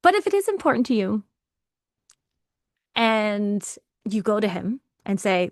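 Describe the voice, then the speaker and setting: A woman's voice: mid-range voice, sing-song, measured pace, pauses often, dry recording, clean studio sound. Encouraging woman leading a live workshop. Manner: encouraging, conversational, laughs often. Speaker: workshop facilitator. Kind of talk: live online workshop, reading and answering chat.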